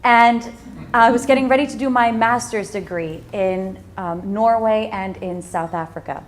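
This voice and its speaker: A woman in her thirties telling a story in a talk to an audience, in a lively way. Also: mid-range voice, a little slow, a little hiss or hum. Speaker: speaker at a business talk event.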